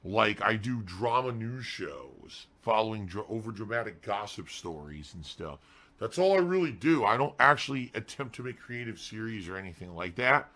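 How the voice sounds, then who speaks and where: A man's voice: lowish voice, expressive, normal speed, pushed and bright. A male game streamer ranting sarcastically and defensively to his chat on a live stream.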